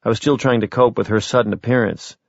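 A man reading an audiobook in steady, wry first-person storytelling. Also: medium pitch, fast, vocal fry, dry recording. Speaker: audiobook narrator. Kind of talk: scripted narration. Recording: slightly dull, lo-fi recording.

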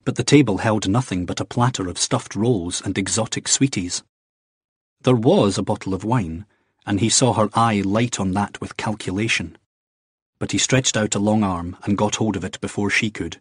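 Husky-voiced male audiobook narrator. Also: fairly low pitch, moderate pace, no echo, studio quality. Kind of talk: scripted narration.

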